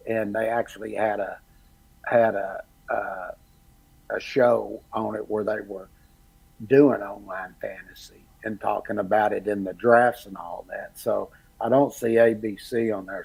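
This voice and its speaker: A middle-aged man from Texas tells football stories in a casual, animated way. His voice is gravelly and husky. He sounds like a relaxed co-host of a sports chat show. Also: on the low side, low-quality recording. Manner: animated storyteller, quotes others in lively bursts. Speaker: podcast co-host.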